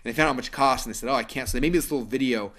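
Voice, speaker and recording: A man hosting a webinar, making an earnest sales pitch with lots of fillers. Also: fairly bright tone. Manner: fast, earnest, persuasive, many fillers. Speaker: webinar host pitching a course.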